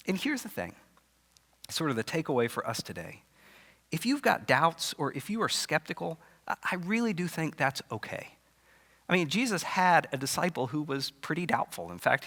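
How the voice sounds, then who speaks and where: Animated male pastor in echoey hall. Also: medium pitch. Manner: animated storytelling with casual asides. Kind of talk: conversational sermon. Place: church sanctuary. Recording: long church-hall reverb.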